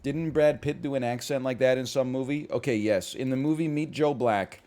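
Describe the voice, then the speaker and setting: A man in a relaxed live-stream chat, answering his chat as he goes. His voice sits at an ordinary middle pitch but leaps up when something gets him going, and he wanders off on tangents and rambles through asides. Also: normal speed. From Canada.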